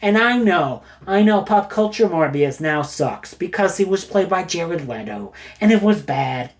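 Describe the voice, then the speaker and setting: A man casually recommending books, rambling and jokey, getting animated as he retells a story. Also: high-pitched, unhurried. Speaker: book reviewer. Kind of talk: casual book recommendation talk.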